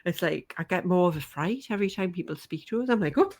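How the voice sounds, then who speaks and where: A woman's voice: fairly low pitch, expressive, fast, darkish tone. A woman from the North East of England, hosting a podcast interview in a chatty, laughing way. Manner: chatty, laughing, self-deprecating. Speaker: podcast host.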